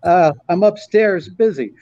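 A man's voice: high voice, dull audio, slight background noise, pitched above the performer's own voice. A man doing a wisecracking old comedian. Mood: joking. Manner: rapid deadpan one-liners. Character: wisecracking older male stand-up comedian.

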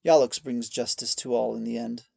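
A man voicing a weathered male gardener who talks in a calm, even, defiant tone. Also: medium pitch, moderate pace, gravelly, breathy edge, no room sound. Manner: even tone, steady.

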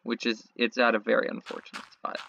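A woman giving casual gameplay commentary, excitable, talking to herself and swearing when things go wrong. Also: rumbling low, fast talker, vocal fry, lo-fi sound, a little hiss or hum. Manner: excitable, talks to herself, swears, frequent yelps and laughs.

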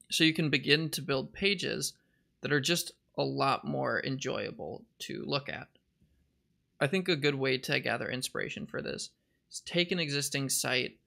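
A man hosting a programming tutorial, explaining projects in a relaxed, conversational way with uneven pacing and pauses. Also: medium pitch, gravelly.

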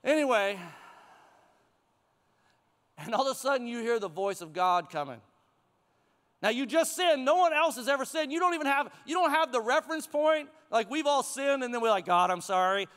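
A middle-aged male pastor preaching a sermon to his congregation in a church sanctuary, in a conversational, animated way with chuckles. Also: very high-pitched, normal speed, pauses often. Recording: long hall reverb.

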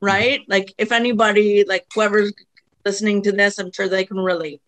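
A woman's voice: mid-range voice, steady tone, moderate pace. A woman from Canada, a podcast guest speaking in a heartfelt, emotional way in casual conversation.

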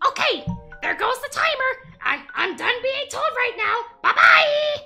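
A woman voicing a crude, excitable little mushroom man during a game livestream. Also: very high voice, measured pace, gravelly, faint music behind, voice pushed up, full character voice. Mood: gleeful. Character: squeaky foul-mouthed little mushroom man.

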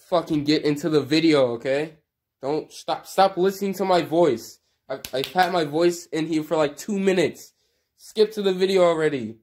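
A man's voice: a little high, darkish tone. A man talking casually in a comedic vlog rant, profane, sarcastic and self-mocking, with exaggerated, melodramatic frustration. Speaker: sports fan YouTuber.

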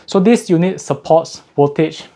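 A man's voice: a little high, expressive, moderate pace, warm tone. A man reviewing audio gear in a casual unboxing walkthrough, slightly out of breath, explaining technical details methodically and correcting himself as he goes.

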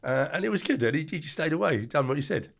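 An older man, telling colourful anecdotes as a podcast guest in an animated, slangy way. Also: on the high side, very fast, gravelly. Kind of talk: storytelling interview.

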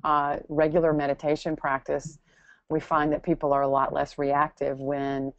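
Low-voiced woman giving a thoughtful talk. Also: moderate pace, dry recording, lo-fi sound. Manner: thoughtful, searching for words, many restarts; acts out quoted voices with lively expression. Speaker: guest speaker. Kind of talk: answering audience questions in a talk.

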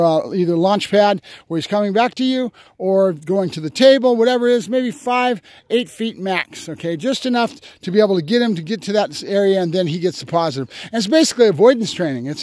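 A man, a dog trainer, explaining his method step by step in a field, now and then breaking into excited praise for his dog. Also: sits high, no echo. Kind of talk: outdoor training demonstration. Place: open field outdoors.

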